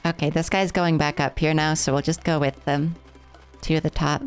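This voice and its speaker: A woman's voice: sits low, steady tone, moderate pace, soft background music. A woman streaming a game live, chatting playfully with her viewers as she plays. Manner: playful, rambling, chats with viewers.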